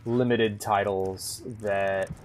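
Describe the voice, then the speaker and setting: On a horror-game live stream, a young man chats loosely with viewers, full of likes and false starts. He speaks slowly in a low voice with fairly even intonation, over a faint hiss or hum.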